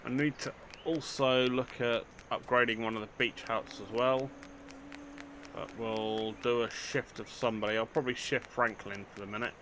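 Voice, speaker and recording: A man's voice: medium pitch, steady tone, moderate pace, fairly bright tone, slight background noise. An older man, chatting casually through a let's play, joking at his own expense. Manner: chatty, self-mocking, dry humour, talks to game characters. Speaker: gaming channel host.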